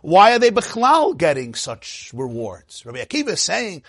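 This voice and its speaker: A man giving a Torah lecture, telling a Talmudic story with animated storytelling and Hebrew and Yiddish phrases. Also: sits high, normal speed, slightly rough, no echo, clean studio sound. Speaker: rabbi teaching.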